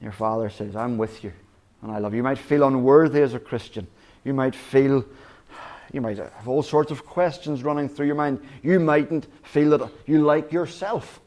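A man's voice: mid-range voice, moderate pace, a little mellow. Earnest man preaching a sermon. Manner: earnest, with repeated restarts and quoted voices of God. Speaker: pastor.

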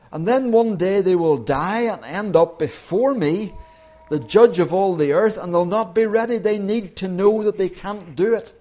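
Lively, higher-voiced male preacher. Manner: lively storytelling, acting out voices with humour. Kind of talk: sermon.

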